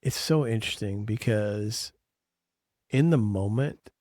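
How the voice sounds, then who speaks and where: A man co-hosting a casual podcast as a life coach, telling coaching stories full of lively quoted dialogue. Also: lowish voice, unhurried, no room sound, clean studio sound.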